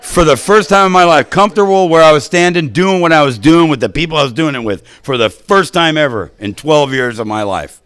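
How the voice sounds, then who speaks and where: A middle-aged man telling his life story to a recovery meeting, animated and drawing the listeners in with quick "right?" asides. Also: a little high, clean tone, no room sound. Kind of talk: personal recovery story to an audience.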